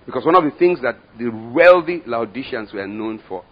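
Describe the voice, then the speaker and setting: A man with a Nigerian accent preaching a sermon, moving from hushed asides to loud, slow, emphatic lines. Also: mid-range voice, animated, husky. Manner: dramatic swings from hushed to loud, slow emphatic scripture reading. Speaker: pastor. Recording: dull lo-fi sermon recording.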